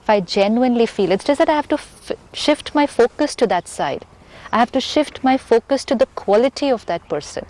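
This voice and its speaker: A woman, a spiritual teacher explaining her ideas calmly and patiently, repeating key points for emphasis. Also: fairly high pitch, a little fast, a little hiss or hum. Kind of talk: calm explanatory talk.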